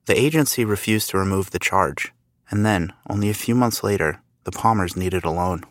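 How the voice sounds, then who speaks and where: A man's voice: low-pitched, moderate pace. A man giving scripted, matter-of-fact narration of a story.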